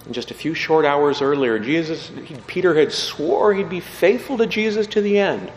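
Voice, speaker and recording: A man's voice: normal speed, big-room sound, slight background noise, poor audio. A man, a priest, reads the gospel and gives a short homily, raising his voice to act out the people he quotes. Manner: acts out quoted voices with rising pitch and force.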